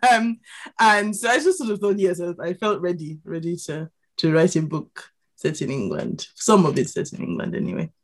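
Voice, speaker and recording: Animated woman in her thirties telling stories. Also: on the low side, moderate pace. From Nigeria. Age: 30s. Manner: animated storyteller, laughs often and acts out scenes. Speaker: guest author. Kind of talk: casual conversational interview.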